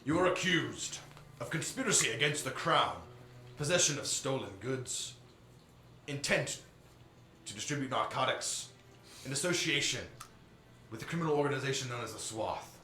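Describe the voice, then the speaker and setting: Man putting on a stern admiral reading charges, formal, bright voice, echoey room. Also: mid-range voice, animated, moderate pace, slight background noise, voice pushed up. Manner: formal, commanding, declaiming. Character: stern male admiral presiding over a trial. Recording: roomy live stream audio.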